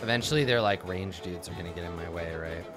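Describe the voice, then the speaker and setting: A man commentating a let's play, reading the game's text aloud and reacting with profane, animated asides. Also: low-pitched, fast, music in the background. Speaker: host.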